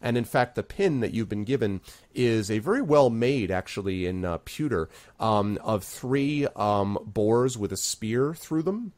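A man's voice: fairly low pitch, dry recording. Man narrating as game master. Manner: loose narration with many fillers.

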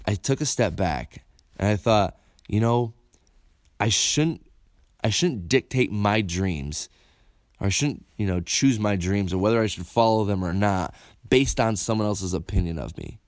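A man, telling a personal story in a candid, animated way, cursing freely and stumbling over repeated words. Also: on the low side, unhurried, no echo, clean studio sound. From upstate New York. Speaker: motivational speaker.

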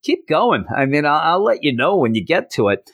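A man's voice: fairly high pitch, very animated, brisk, fairly bright tone, no echo, voice pushed up, full character voice. A man doing an exasperated young superhero. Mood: incredulous. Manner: annoyed, incredulous.

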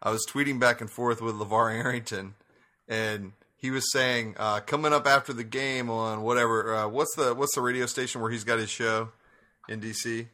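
A man co-hosting a casual sports chat, joking and quick to laugh. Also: mid-range voice, steady tone, pushed and bright. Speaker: podcast co-host.

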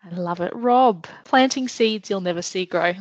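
A woman's voice: mid-range voice, moderate pace, dry recording, lo-fi sound. A woman hosting an interview, who speaks in an affirming and gracious way. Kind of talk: conversational interview.

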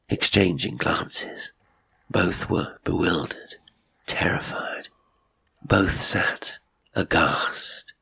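A man narrating a ghost story in a measured, steady reading. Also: sits low, gravelly, slightly rough.

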